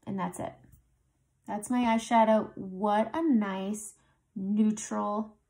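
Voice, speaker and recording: Chatty woman with a gravelly edge. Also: mid-range voice, fairly even intonation, takes it slowly, mellow. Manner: chatty, talks through each step while applying makeup. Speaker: makeup tutorial host. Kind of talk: casual makeup tutorial narration.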